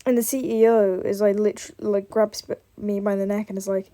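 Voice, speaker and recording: A woman's voice: medium pitch, little pitch movement, normal speed, hardly any pauses, mellow. A young woman vlogger chatting casually while playing a building game, rambling with lots of fillers. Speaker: gaming vlogger.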